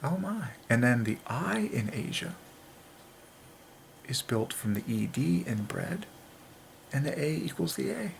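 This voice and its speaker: Excitable gravelly man counting letters. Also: mid-range voice, a little slow, pauses often, slight background noise. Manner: excitable, drops into whispers for emphasis. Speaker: channel host. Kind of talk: religious letter-counting monologue.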